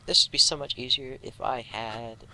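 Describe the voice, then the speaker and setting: A man's voice: medium pitch, fairly even intonation, normal speed, pushed and bright, a little hiss or hum, poor audio. A young man casually commentating a horror game, joking and muttering asides to himself. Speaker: gameplay commentator.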